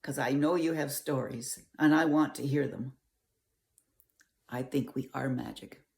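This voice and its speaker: A woman's voice: extremely low pitch, measured pace, gravelly, a little mellow. An older woman reading a picture book aloud to children, coaxing and asking the listener questions. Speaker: storyteller.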